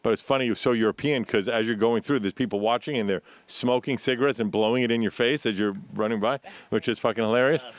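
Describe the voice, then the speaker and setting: A man's voice: mid-range voice, fast, hardly any pauses. A man guest telling rambling travel stories in casual chat, swearing casually.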